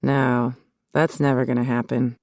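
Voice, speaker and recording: A guarded, no-nonsense male cop, read by a woman in an audiobook, answering in short, low, clipped lines. The voice sits deep and close, with a dry, dead studio sound. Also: level tone, a little slow, darkish tone, no echo. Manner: curt, low and terse.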